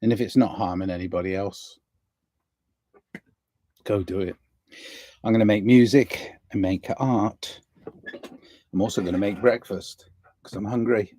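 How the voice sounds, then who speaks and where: Man, livestream monologue, slow drawl, mellow low-toned voice, dry close sound, drifting and musing. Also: steady tone, no echo. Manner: slow, musing, drifting between soft and emphatic. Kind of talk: rambling spiritual monologue. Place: indoors near a window.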